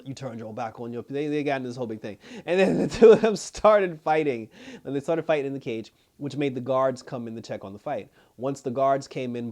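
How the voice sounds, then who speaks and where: A man recapping a TV episode in casual talk, laughing often and acting out the characters' lines in a lower voice. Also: a little mellow. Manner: loose storytelling, laughing often, acting out quotes. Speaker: show reviewer.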